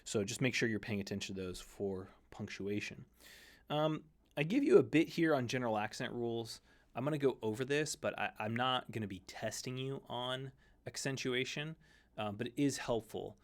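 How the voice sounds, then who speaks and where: A man's voice: medium pitch, normal speed. A man teaching a Greek lesson in a conversational way, often correcting himself mid-sentence and using fillers. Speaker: seminary Greek instructor. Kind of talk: recorded lecture.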